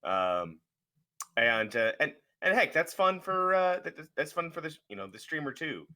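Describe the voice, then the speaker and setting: A man's voice: a little high, sing-song, normal speed, bright, forceful tone. A man answering as a guest in a casual interview, easygoing and rambling with many fillers.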